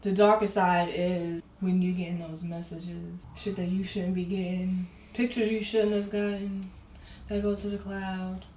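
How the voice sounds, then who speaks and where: A woman's voice: lowish voice, level tone, unhurried, a little mellow, a little hiss or hum. A woman co-hosting a casual podcast chat, blunt and profane, trailing off with fillers. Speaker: podcast co-host. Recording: echoey room, off-mic.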